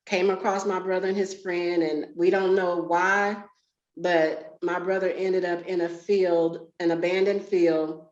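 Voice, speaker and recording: Woman, forties, candid storyteller, lowish voice, echoey lo-fi room sound. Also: darkish tone. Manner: candid, conversational, emotional at times. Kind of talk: personal storytelling. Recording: roomy, dull lo-fi sound.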